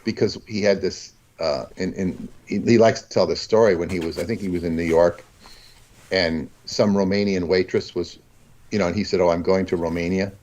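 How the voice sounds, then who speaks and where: A man talking as a guest in a casual conversation, rambling and halting, with many restarts. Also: low-pitched, fairly even intonation, darkish tone, rough recording.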